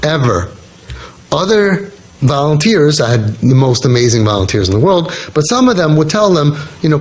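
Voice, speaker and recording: Middle-aged guy talking parenting, animated, repeats himself for punch, faint noise behind. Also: medium pitch, moderate pace. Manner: animated storytelling, repeats lines for emphasis. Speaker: speaker on parenting and youth work. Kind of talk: casual spoken talk.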